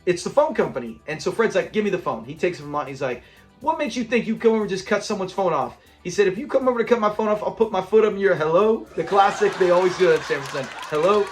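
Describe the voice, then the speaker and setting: A man with a high voice gushes through an episode breakdown, slipping into the characters' lines as he recaps. Faint music sits under his talk. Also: animated, rapid-fire. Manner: enthusiastic, acts out quoted lines. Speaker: channel host.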